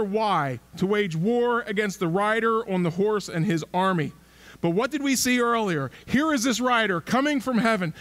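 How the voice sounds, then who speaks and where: A man's voice: high-pitched, a bit bright. A male pastor giving a conversational sermon, asking rhetorical questions and repeating himself for emphasis. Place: church sanctuary.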